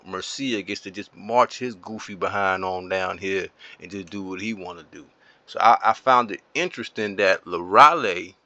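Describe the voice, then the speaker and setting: Man, gaming commentator; bright, forceful trash talk, dry dull lo-fi mic. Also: lowish voice, no echo. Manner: playful trash talk, animated and silly. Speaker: gaming YouTuber. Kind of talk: casual gameplay commentary.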